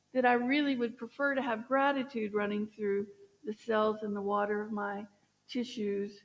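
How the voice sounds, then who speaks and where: Woman minister, sermon, higher voice, encouraging, asks questions, long hall reverb. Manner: warm, gently encouraging, asks the listeners questions. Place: church sanctuary.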